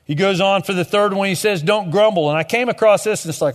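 A young man preaching a sermon in a conversational way, dropping to a low hush at the end of each point. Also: fast, hardly any pauses. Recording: long hall reverb.

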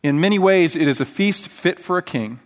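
A man preaching a sermon as pastor, telling the story with animated emphasis and often checking in with "okay?". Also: high-pitched, moderate pace, long reverb tail. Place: church sanctuary.

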